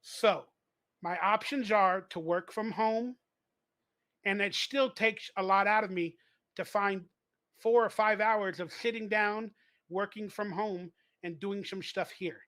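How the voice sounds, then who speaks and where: A man with a high, bright voice and a slight lisp. He talks earnestly to his livestream viewers. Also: slow.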